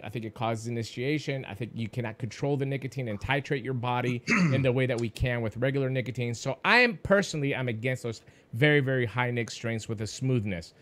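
A man co-hosting a live call-in show, giving his opinion in a measured way and often restarting his phrases. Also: mid-range voice. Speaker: co-host.

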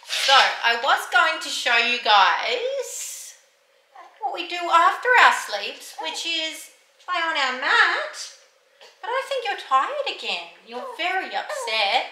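A woman's voice: extremely high pitch, big pitch swings, takes it slowly, sharp tone, low-quality recording. A young woman chatting casually in a vlog while tending her baby, often slipping into coaxing sing-song talk to the infant, recorded on a phone in a bedroom. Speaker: vlogger, mother of a baby. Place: baby's bedroom, indoors. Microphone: phone camera held by hand.

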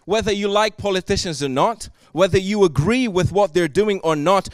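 Guy preaching, high voice, dry close sound, gets loud and emphatic. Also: moderate pace, few pauses, smooth, dry recording. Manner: earnest, swings from soft to loud and emphatic. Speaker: pastor. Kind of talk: sermon. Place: church service.

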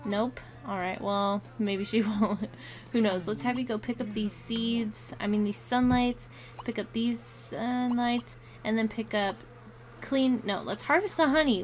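A young woman giving a chatty, giggly commentary on a life-simulation game, often talking to her characters. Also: a little high. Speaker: gameplay commentator. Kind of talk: casual let's-play commentary. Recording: faint game music behind.

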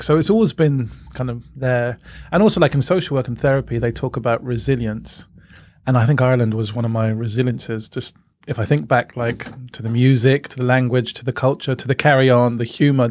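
A man's voice: mid-range voice, no echo. A young adult man from England, a comedian guest telling stories in a cheeky, laughing, casual way. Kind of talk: casual interview chat.

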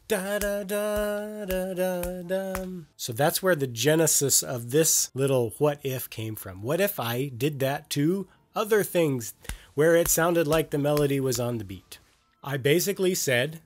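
A man talking through a music lesson in a relaxed, conversational way, explaining ideas step by step. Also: fairly high pitch. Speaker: music educator.

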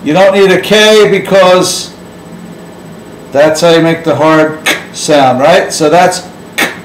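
Slow, playful man teaching at a board. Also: fairly high pitch, slight background noise. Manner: playful, drawn-out vowel demonstrations. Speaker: Latin teacher. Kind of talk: classroom lesson at a board. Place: classroom. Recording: echoey room with faint ambience.

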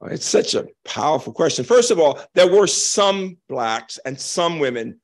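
An older man giving a keynote talk, answering an audience question with animated, emphatic storytelling and slow, dramatic pauses. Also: fairly high pitch. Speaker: keynote speaker. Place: lecture hall.

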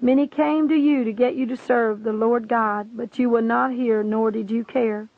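A woman's voice: a little high, steady tone, moderate pace, no room sound. A woman reading as a solemn, judging Jesus. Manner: solemn, preaching, scriptural wording. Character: Jesus, stern solemn male divine judge. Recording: tinny phone-like line.

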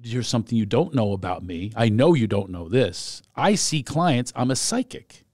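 Curious middle-aged podcast host. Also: male voice, mid-range voice, expressive, moderate pace, darkish tone, no room sound, studio quality. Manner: curious, prompting questions. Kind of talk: casual podcast interview.

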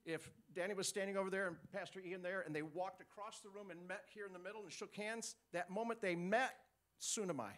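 Male preacher, high voice, animated sermon with call-and-response. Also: a little fast.

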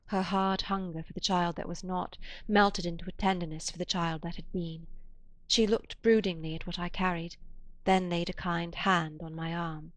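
A woman reads a classic novel aloud, measured and deliberate. Her voice is lowish and quiet, recorded dry and close. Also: fairly even intonation, dry recording. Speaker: audiobook narrator. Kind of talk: literary audiobook narration.

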